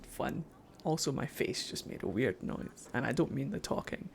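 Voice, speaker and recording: A woman's voice: low-pitched, sing-song, normal speed, vocal fry, a little mellow, slightly rough. A woman streamer chatting casually over gameplay, making playful, profane asides. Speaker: game streamer.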